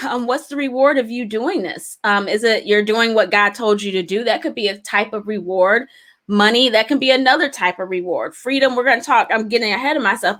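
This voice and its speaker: A woman's voice: fairly high pitch, fairly bright tone. A middle-aged woman teaching a live business lesson, speaking in an encouraging, conversational way with frequent light laughs and preacherly repetition and rhetorical questions. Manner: encouraging, conversational, laughs often between points. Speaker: business coach.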